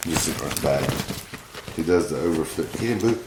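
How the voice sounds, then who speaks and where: Man, very low voice, doting pet vlog host, echoey room, faint hiss. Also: expressive, fairly quick. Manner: doting, chuckling, softens to cooing. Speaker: pet owner and channel host. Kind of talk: casual vlog narration to pets.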